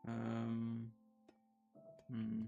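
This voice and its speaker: A man chats with his stream audience while he plays, rambling and poking fun at himself between laughs. His voice sits at an ordinary middle pitch, and soft music runs faintly underneath. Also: monotone, very slow, creaky, lo-fi sound. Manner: rambling, self-deprecating, laughs often. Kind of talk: casual chat while gaming.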